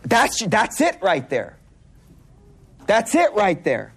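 Lively, slangy male preacher telling stories. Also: high-pitched, slow, husky. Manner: casual slang, repeats words and restarts; animated, laughing while telling stories. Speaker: Islamic speaker. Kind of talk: storytelling sermon to a live audience.

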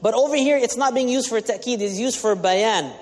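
Imam, male, high voice, teaching sermon with Arabic glosses, long hall reverb. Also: fairly quick, darkish tone. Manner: explains Arabic terms with English glosses, asks the audience questions. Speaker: imam giving a talk.

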